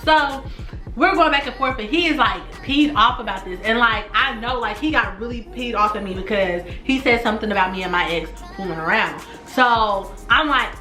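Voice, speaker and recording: A woman telling a personal story to her viewers in a casual storytime vlog, animated and slangy, talking straight to the camera. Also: a little high, fairly quick, soft background music. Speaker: storytime YouTuber. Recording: echoey room.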